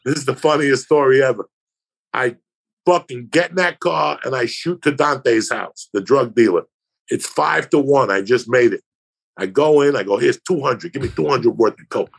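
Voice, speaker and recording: A man with a rough, gravelly voice and a breathy, husky edge tells a long, crude story as a podcast guest. He rambles and swears, and he slips into quick impressions of the people in it. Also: mid-range voice. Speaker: comedian guest telling a story.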